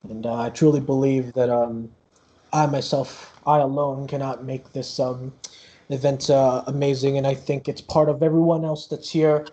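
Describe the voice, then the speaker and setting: A man's voice: mid-range voice, little pitch movement, moderate pace, warm tone, dull audio, close to an everyday voice. A man voicing a flamboyant, vain male keytar star who gushes at everyone. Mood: gushing. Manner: showy, self-adoring.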